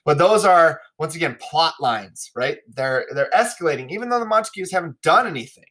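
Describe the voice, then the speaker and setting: A man's voice: fairly high pitch, animated, fairly quick, a bit bright. A man teaching a recorded lesson, explaining the play casually with fillers and frequent check-ins.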